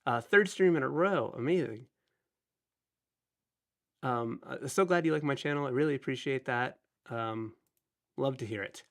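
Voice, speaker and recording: A man's voice: medium pitch, moderate pace, long pauses. Chatty man hosting a live stream. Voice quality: nasal. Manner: chatty, rambling, self-deprecating. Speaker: livestream host. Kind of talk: casual live-stream chat.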